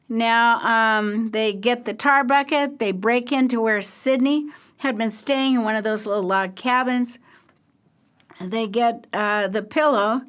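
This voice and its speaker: Slow, halting older woman lecturer. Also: on the high side, a bit bright, smooth. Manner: slow, halting, with many fillers and asides. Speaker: history lecturer. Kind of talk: storytelling lecture.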